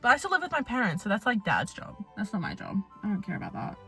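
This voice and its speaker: Bright, animated young woman. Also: mid-range voice, fast talker, creaky, husky, faint music behind. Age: young adult. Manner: animated, profane, rambling storyteller. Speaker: vlogger. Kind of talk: casual vlog chat.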